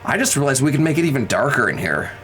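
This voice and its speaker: A man's voice: medium pitch, very animated, fast talker, fairly bright tone, soft background music, poor audio. A young man streaming live, chatting playfully with viewers and counting out workout reps. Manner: playful, joking with chat, counting out exercise reps. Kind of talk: casual live-stream chat.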